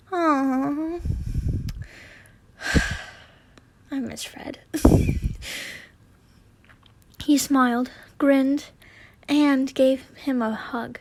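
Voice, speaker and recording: A woman's voice: high-pitched, fairly even intonation, extremely slow, pauses often. A young woman reading fanfiction aloud, acting out the characters and often stopping to laugh and comment. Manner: giggly, breaks off to comment and laugh. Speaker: fanfiction reader.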